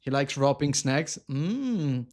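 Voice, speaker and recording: A man chatting casually on a live cooking stream, animated and self-mocking, laughing often and reading viewer comments aloud. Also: medium pitch, slow pace. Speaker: livestreamer.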